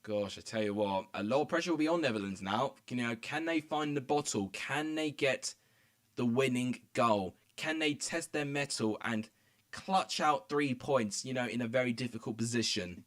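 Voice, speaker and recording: A young man giving excitable, rambling commentary as he live-streams a football match from home. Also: medium pitch, normal speed. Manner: excitable, rambling, many fillers. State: out of breath. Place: home room.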